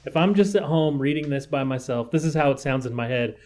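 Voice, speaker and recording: A man's voice: mid-range voice, brisk, darkish tone, a little hiss or hum. A man with a mid-range voice in easygoing podcast conversation. He pushes back emphatically, often repeating his words for effect. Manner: emphatic, repeats himself, mock-dramatic. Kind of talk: casual chat.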